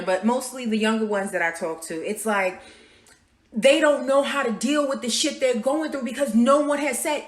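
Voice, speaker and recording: A woman's voice: a little high, fairly bright tone. Blunt, cussing woman in an echoey room. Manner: blunt, frequent profanity, emphatic. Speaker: speaker sharing personal views. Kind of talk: candid personal monologue.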